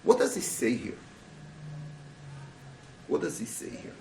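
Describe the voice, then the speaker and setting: A man teaching a Torah class as a rabbi, speaking with animated rhetorical questions to his students. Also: slow pace, slight background noise. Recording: roomy, voice from a distance.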